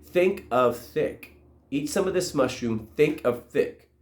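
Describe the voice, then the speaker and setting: A man's voice: on the high side, lively intonation, slow pace, pitched above the performer's own voice. A man voicing a patient male guide who gives step-by-step instructions. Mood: instructive. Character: steady male guide with a stone hand. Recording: roomy echo.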